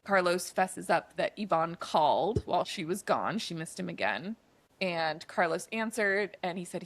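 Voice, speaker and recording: A woman's voice: fairly low pitch, normal speed. A woman co-hosting a podcast, casually retelling a movie's plot in a chatty way, with lots of "like" and "um" fillers. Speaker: podcast co-host.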